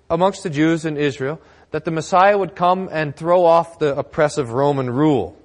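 Man pastor, sermon, emphatic, higher voice, church hall reverb. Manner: emphatic preaching with slow stressed phrases.

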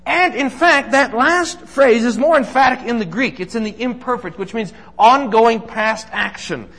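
Guy pastor preaching a sermon, pretty high voice, long echo like a big church hall. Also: fairly bright tone. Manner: earnest, emphatic preaching with repeated lists. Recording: long reverb of a large hall.

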